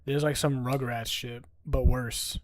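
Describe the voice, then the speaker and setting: A man's voice: mid-range voice, little pitch movement, measured pace, no echo. A young man streaming a game with friends, talking in a brash, profane, mocking way. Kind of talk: live game-stream commentary.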